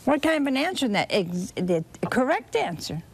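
A woman preaching a sermon, telling a scripture story slowly and expressively with dramatic repetition. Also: high voice, big pitch swings, husky.

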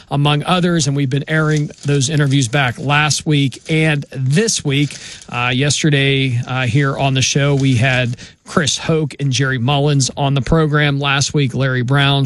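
A man hosting a sports radio show, wrapping up in a steady, measured way with small pauses. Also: medium pitch, no echo. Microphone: studio mic.

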